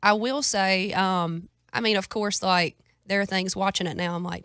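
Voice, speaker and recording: A young woman with a broad Southern US drawl talks in a folksy, easygoing way, laughing often. Her voice sits at an ordinary pitch for a woman. The studio mic sounds close and dry, with no room around it. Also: normal speed, hardly any pauses, fairly bright tone, no room sound. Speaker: guest singer-songwriter. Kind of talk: casual radio interview.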